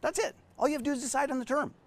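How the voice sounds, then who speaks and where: A business coach with an extremely high-pitched voice speaks very fast on a live stream for business owners. He talks them through a whiteboard drawing with emphatic, story-driven delivery.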